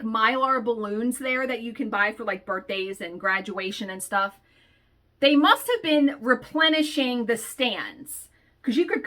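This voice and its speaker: Bright-voiced woman telling a blunt story. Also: a little high. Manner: blunt, profane, exasperated storytelling. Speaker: stitching vlogger. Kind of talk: casual storytelling chat.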